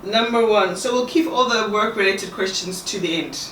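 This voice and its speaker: A woman asking questions from off screen in a dry, brisk, teasing way. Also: mid-range voice, fairly bright tone, a little hiss or hum. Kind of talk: casual interview. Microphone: off screen, away from the camera mic. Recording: echoey room, distant from mic.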